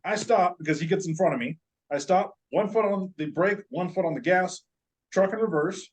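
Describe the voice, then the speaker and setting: A man's voice: high-pitched, normal speed, poor audio. A man with a slightly raised voice tells a long personal story on a podcast. He talks casually, swears freely and slips in jokes. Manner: animated, profane, joking. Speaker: podcast guest.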